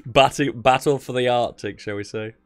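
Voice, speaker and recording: A man's voice: medium pitch, moderate pace, soft background music. A man giving casual live commentary on a strategy game tournament, thinking aloud and wandering into rambling asides. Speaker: streamer casting a game tournament.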